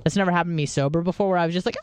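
A woman's voice: on the low side, clean tone, no room sound. Woman podcast host, swears freely and rambles through her stories, clean voice in a dry room. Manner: profane, rambling storyteller. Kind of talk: casual chat.

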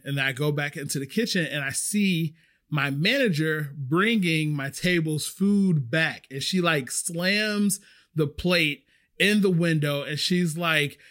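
A man with a slightly higher voice tells a story about his job as a restaurant server. He talks casually and with lots of animation, filling his sentences with "like" as he goes. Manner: animated, chatty, frequent "like".

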